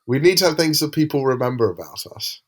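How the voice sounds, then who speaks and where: A man's voice: mid-range voice, sing-song, quick pace. A man co-hosting a podcast in casual chat, rambling and hesitant as he describes things. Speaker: podcast co-host.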